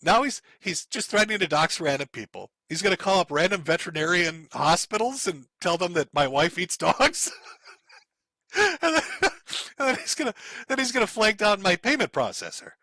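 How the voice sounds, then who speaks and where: A man's voice: sits high, very animated, a little fast, bright, forceful tone, no room sound, poor audio. A man streaming, giving sarcastic, profane commentary while reading out posts and chuckling often.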